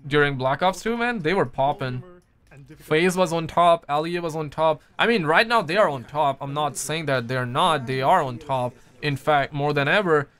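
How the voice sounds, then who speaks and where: A man chatting freely to his live-stream viewers, loose and full of slang. He talks into a headset mic, and his voice sits a bit higher than the usual male range. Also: fairly bright tone. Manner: slangy, loose, answers chat messages. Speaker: gaming streamer. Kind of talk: casual live-stream chat.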